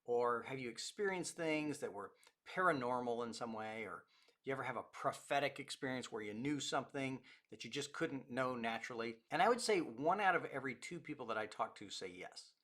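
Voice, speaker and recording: A man's voice: mid-range voice, lively intonation, fairly quick, fairly bright tone. A man, a pastor, teaching a recorded lecture and telling anecdotes in a conversational way with quoted dialogue.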